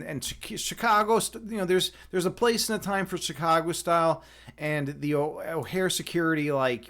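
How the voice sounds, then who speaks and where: A man chats casually on a live stream from his home desk, joking and rambling as he goes. His voice sits a bit on the high side, and he often restarts his sentences mid-thought. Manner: rambling and jokey, with frequent restarts. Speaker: livestream host, chess instructor and meditation guide.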